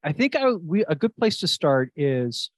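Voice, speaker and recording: A man's voice: fairly high pitch, big pitch swings, measured pace, no echo. A man from New Jersey hosting a podcast, chatting enthusiastically with his guest and often restarting his sentences. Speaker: podcast host. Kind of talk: casual interview chat.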